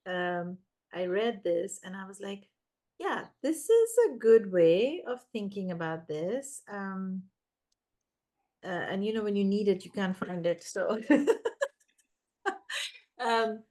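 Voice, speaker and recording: A woman giving parenting advice in casual conversation, animated and acting out the voices of children and parents. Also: medium pitch, slow, long pauses. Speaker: parenting guest expert.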